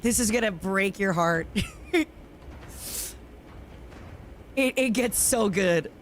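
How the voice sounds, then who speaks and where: A young woman streaming casually from home, gushing and quick to laugh as she reacts to videos and chats with her viewers. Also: medium pitch, animated, slight background noise.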